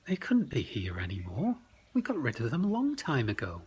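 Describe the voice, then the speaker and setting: A man voicing a brave, kindly male monster detective in a bedtime story, eager and animated. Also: mid-range voice, normal speed, a little hiss or hum. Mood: wary.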